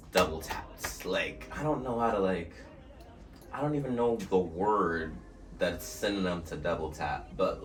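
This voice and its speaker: Young vlogger from New Jersey, animated and slangy with swearing; a bit low-pitched, recorded with the mic set back and quiet music under. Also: male voice. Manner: animated, slangy storytelling with profanity. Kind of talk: storytime vlog. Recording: distant mic with faint music.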